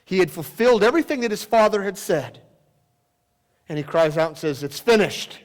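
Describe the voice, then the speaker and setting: A man's voice: high voice, expressive, a little fast. Man preaching in a reverberant church. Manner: dramatic swings from loud exclamations to hushed near-whispers. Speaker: pastor. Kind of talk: sermon. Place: church sanctuary. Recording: long church hall reverb.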